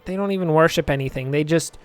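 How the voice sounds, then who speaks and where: A man's voice: a little high, fast, clean tone, dry recording, faint music behind. A young man casually commentating his gameplay, rambling and joking, muttering asides to himself at a home desk microphone. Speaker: let's play host.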